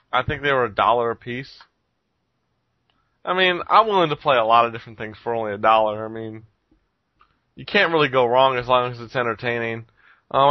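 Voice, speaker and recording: A man's voice: medium pitch, no room sound, lo-fi sound. A man hosting a casual podcast chat, rambling with lots of ums and frequent chuckles. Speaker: podcast host reviewing games.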